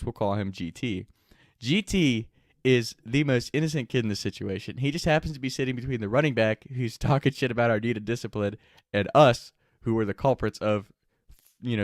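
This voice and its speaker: Male host at a mid pitch, casual rambling storyteller, swears freely, dry close sound. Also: no room sound. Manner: laid-back, profane, rambling with many fillers.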